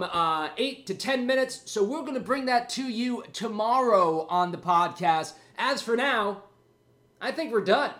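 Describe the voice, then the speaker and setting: Slightly bright and high, this man's voice carries a loose, self-mocking ramble as he hosts a podcast alone. He's a bit out of breath throughout the casual chat.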